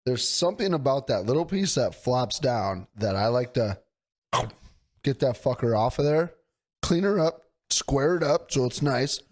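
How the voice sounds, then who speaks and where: A man co-hosting a casual podcast, telling animated stories and swearing freely. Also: medium pitch, a little slow. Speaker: podcast co-host. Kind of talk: casual chat.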